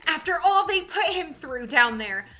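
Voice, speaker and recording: A woman's voice: high-pitched, big pitch swings, moderate pace, sharp tone, soft background music, pitched above the performer's own voice, heavily acted. A woman playing a furious ranting child. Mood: outraged. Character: outraged, indignant child.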